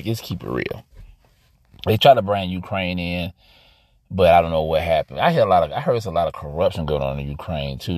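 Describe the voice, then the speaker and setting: Animated low-voiced African American man talking. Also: no echo, studio quality. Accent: African American English. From United States. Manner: conversational, addresses listeners as y'all, emphatic. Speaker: podcast host. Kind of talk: casual outdoor podcast monologue. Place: outdoors.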